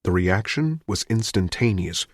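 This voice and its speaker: A man narrating a thriller audiobook in a measured storytelling manner. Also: lowish voice, lively intonation, dry recording, studio quality. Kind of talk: scripted narration.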